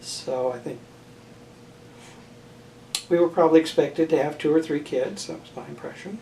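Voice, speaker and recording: An older man answers interview questions about family and marriage in a measured, halting way, often pausing and restarting his sentences. He is heard from some distance in a roomy space. A faint background hiss sits under the voice. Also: on the high side, creaky, warm tone. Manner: thoughtful, halting, many fillers and restarts. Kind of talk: oral history interview.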